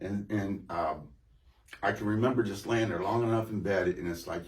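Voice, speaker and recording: Brief: low-voiced man sharing a testimony, halting and rambling, recorded in an echoey room from a distance. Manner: halting, rambling storytelling with many restarts and fillers. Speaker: guest giving a testimony. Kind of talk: personal testimony conversation. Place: church room.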